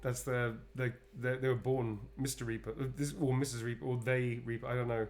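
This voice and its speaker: A man's voice: medium pitch, flat delivery, fairly quick, darkish tone. A tired man chatting casually on a livestream, rambling and playful, calling viewers darlings as he draws. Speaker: actor drawing requested sketches for viewers.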